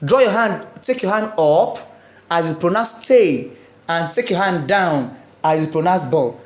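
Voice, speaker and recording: A woman leads an exam-prep lesson in a slightly low voice. She stretches out key words and stresses them. She keeps asking her students whether they follow. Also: lively intonation, a little mellow. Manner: repeats words slowly with rising emphasis, asks the class questions. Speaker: English exam tutor. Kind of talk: classroom-style video lesson.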